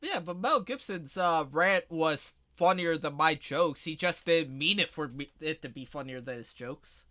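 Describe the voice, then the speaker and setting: High, bright-voiced man joking crudely. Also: lively intonation, moderate pace. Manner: crude joking, loud mock-shouting impressions, frequent laughter. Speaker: podcast co-host. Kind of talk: casual chat.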